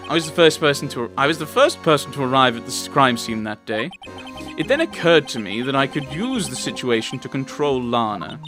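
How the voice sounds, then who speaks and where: A man's voice: medium pitch, sing-song, fairly quick, fairly bright tone. A man playing through a courtroom game, reading the characters' lines aloud in his own voice and ranting about the plot. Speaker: let's player. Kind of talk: commentary while reading game dialogue aloud. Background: game music.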